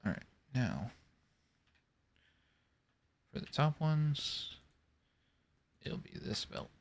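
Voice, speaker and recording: A gaming video creator talks casually to himself while playing a building game, rambling and narrating each step as he goes. His gravelly, medium-pitched voice is sing-song with drawn-out words, and there's a little hiss or hum on the recording.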